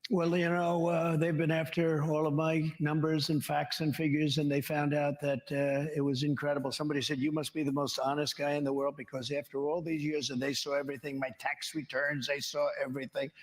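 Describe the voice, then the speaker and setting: A man's voice: a little high, flat delivery, a little fast, hardly any pauses. A man in his seventies answering interview questions at a town hall, rambling from story to story and boasting as he goes. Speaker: interview guest.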